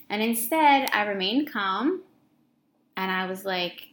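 A woman's voice: mid-range voice, measured pace, pushed and bright, a little hiss or hum. A woman and mother in casual chat, telling a family story candidly and swearing freely. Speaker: podcast co-host, mother.

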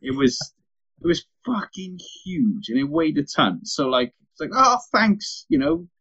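A man's voice: high-pitched, unhurried, vocal fry, slightly rough, muffled recording. A young father, telling stories in a casual podcast chat, swearing freely. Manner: sweary, animated anecdote teller.

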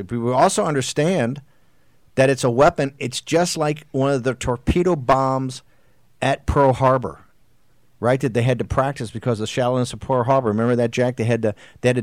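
A man's voice: mid-range voice, darkish tone, no echo. Combative middle-aged male talk host. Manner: combative, exhorting, rambling with restarts. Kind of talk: political talk show monologue.

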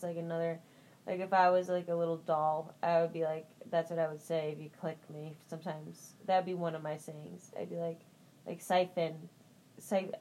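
A woman's voice: fairly low pitch, low-quality recording. A woman hosting a motivational morning podcast, rambling and upbeat, with lots of "like" and "you know" and encouraging pep talk. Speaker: podcast host.

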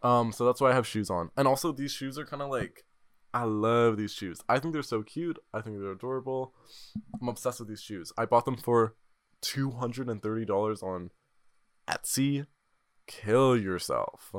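A man's voice: mid-range voice, moderate pace, clear, resonant tone, no echo, clean studio sound. Rambling seventeen-year-old boy podcaster. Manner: rambling, jokey, self-mocking. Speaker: podcast host. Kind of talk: casual solo podcast chat. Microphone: desk microphone.

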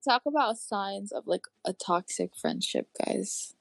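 A woman's voice: mid-range voice, wildly swooping pitch, unhurried, creaky, no echo, faint music behind. A young woman in casual chat with friends, speaking in a laid-back, slangy way.

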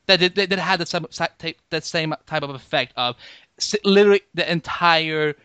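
A man with a somewhat high voice hosts a casual podcast chat, meandering through his thoughts with lots of "like" and false starts. The sound is dry and close, with no room around it. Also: fairly quick, sharp tone, clean tone, no room sound. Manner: rambling, with frequent "like" and restarts. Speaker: podcast host.

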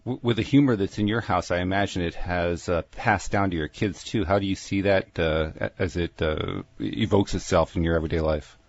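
A male co-host asking questions in a hesitant, expressive way in a casual interview. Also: low voice, a little fast, few pauses, dry recording, lo-fi sound.

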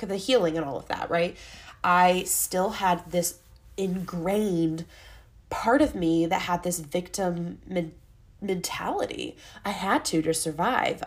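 A young adult woman hosting a solo podcast, talking candidly in a rambling, self-interrupting way. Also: lowish voice. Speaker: podcast host. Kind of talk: casual solo podcast monologue.

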